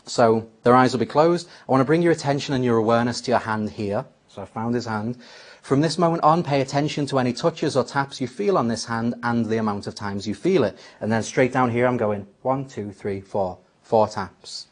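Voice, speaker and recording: A man's voice: mid-range voice, brisk. Man explaining a magic trick. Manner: explains step by step, acts out his patter lines. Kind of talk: spoken tutorial.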